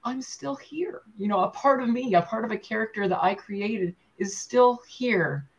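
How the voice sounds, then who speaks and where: A woman's voice: medium pitch, moderate pace, muffled recording. A woman puppeteer talking casually in an interview, full of fillers and restarts. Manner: chatty, with many fillers and restarts. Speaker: puppeteer guest.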